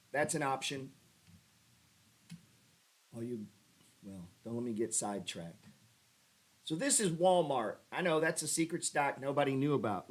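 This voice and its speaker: Brief: man, streamer host, mid pitch, profane and sarcastic, mocking chat while walking through charts. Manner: animated pitch jumps when ribbing viewers. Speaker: stock trading livestream host. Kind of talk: casual livestream chart talk.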